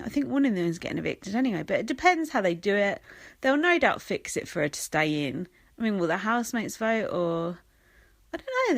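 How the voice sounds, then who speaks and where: A young woman with an English accent talks through her podcast in a blunt, sarcastic rant. Her pitch rises and falls a lot as she mocks people in put-on voices. The sound is close and dry, with no room around it. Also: creaky, fairly bright tone, no echo. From England. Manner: chatty, sarcastic, blunt and swearing, with mocking quoted voices. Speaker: podcast host. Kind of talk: casual solo podcast rant.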